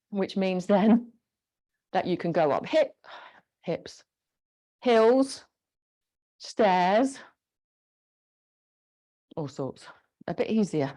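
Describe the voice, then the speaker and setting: A woman instructor leading a gentle guided exercise class, encouraging and giving step-by-step movement cues. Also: on the low side.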